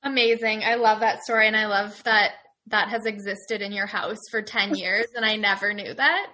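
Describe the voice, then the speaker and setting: A woman's voice: medium pitch, fairly even intonation, moderate pace, bright, forceful tone. A young Canadian woman, a small business owner, chatting as a guest in an upbeat, enthusiastic way. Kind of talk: casual interview chat.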